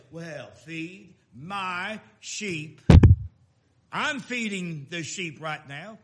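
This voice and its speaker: A man preaching a sermon in a folksy, emphatic way, swinging between loud declarations and quiet asides. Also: sits high, animated, slow. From Texas.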